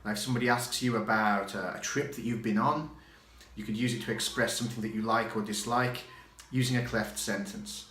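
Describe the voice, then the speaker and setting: A man teaching an English exam grammar lesson from his home study, chatty and repeating example phrases slowly for learners. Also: on the low side, steady tone, a bit bright. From Catalonia, living there. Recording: echoey room.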